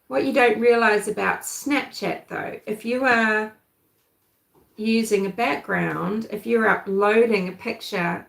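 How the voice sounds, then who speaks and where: A woman from New Zealand with a softened New Zealand accent, hosting a casual true-crime livestream and chatting with viewers. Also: mid-range voice, vocal fry, roomy sound, low-quality recording. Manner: chatty, thinks aloud, answers live chat. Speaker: livestream host.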